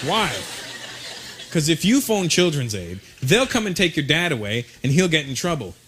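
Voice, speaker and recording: High-voiced animated male comic. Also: moderate pace, poor audio. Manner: animated storytelling with sudden loud jumps. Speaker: stand-up comedian. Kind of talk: stand-up comedy routine. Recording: live show with loud audience noise.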